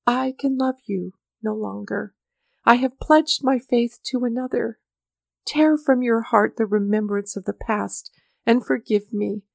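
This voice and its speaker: A woman voicing a remorseful young man in an audiobook reading, speaking hushed and trembling. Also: a little high, measured pace, gravelly, no room sound.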